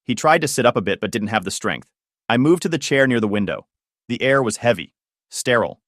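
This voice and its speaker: A man calmly narrating a first-person story in scripted narration. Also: mid-range voice, a little fast, no room sound, studio quality.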